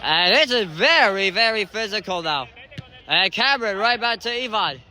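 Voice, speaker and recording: Play-by-play of an amateur indoor soccer match comes from an excitable man in a high voice at a moderate pace. He frequently shouts calls and exclamations.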